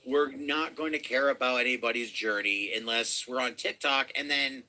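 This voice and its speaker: A man's voice: medium pitch, slow, long pauses, pushed and bright. A man casually chatting on a comics livestream, rambling through stories and talking to his cat. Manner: rambling, talks baby-talk to his cat. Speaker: podcast co-host.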